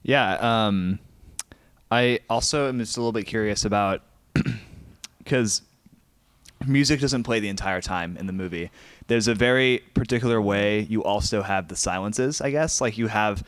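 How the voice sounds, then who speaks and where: Hesitant young man, low voice. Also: clean tone, no room sound. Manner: hesitant, many restarts. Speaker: podcast co-host. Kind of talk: casual podcast chat.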